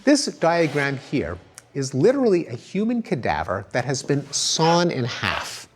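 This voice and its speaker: A man's voice: medium pitch, wildly swooping pitch, unhurried, a little hiss or hum. A middle-aged man giving a recorded academic lecture, explaining ideas and demonstrating sounds aloud with emphatic intonation.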